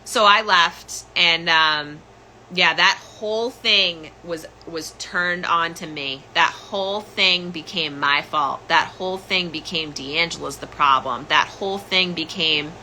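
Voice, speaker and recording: Woman podcast host, young adult, sharp bright voice, emotional first-person storytelling with faint noise under it. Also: fairly low pitch, unhurried, poor audio. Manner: emotional, candid, repeats phrases for emphasis.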